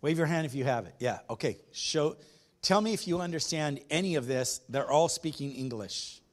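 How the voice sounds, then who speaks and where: A man's voice: on the high side, lively intonation, moderate pace. A man preaching a sermon as pastor, emphatic, repeating his phrases and putting questions to the congregation.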